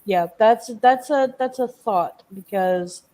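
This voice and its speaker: A woman's voice: fairly high pitch, slow pace, mellow. Rambling casual woman chatting. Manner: rambling, restarts sentences, swears casually. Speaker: host. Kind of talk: casual chat.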